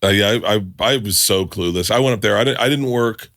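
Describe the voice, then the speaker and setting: A man's voice: fairly low pitch, a little fast, a bit bright, dry recording. A man hosting a podcast, talking in a brash, crude, rambling way. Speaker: podcast host. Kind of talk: casual podcast chat.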